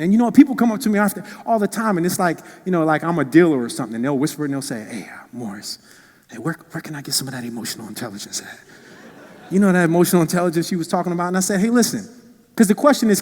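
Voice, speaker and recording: Guy with a high voice doing a keynote, lively storytelling, big hall reverb. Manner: animated storytelling with playful asides. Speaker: keynote speaker. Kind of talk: motivational keynote speech. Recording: long reverb in a large hall.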